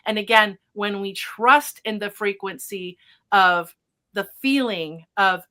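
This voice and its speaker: A woman hosting a podcast as a psychic medium, telling a story in casual chat with animated excitement and spiritual vocabulary. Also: medium pitch, slow.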